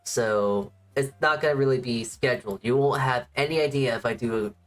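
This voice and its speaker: Woman, low voice, rambling casual streamer chat, soft music bed underneath. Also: normal speed. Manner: rambling, restarts sentences. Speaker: VTuber streamer. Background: faint background music.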